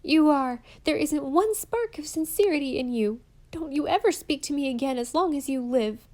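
A woman voicing a passionate, wounded young girl with a high-strung delivery in a storybook reading. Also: fairly even intonation, moderate pace, a little mellow, lightly acted. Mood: hurt.

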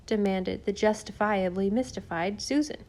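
A woman narrates a children's classic as an audiobook. Her telling is measured and expressive, with a calm, even way of reading. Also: medium pitch. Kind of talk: scripted narration.

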